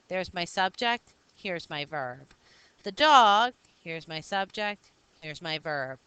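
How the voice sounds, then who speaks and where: A woman's voice: mid-range voice, bright, forceful tone, smooth, no room sound, poor audio. A woman teacher explaining grammar rules step by step in a recorded lesson, patiently checking that students follow along.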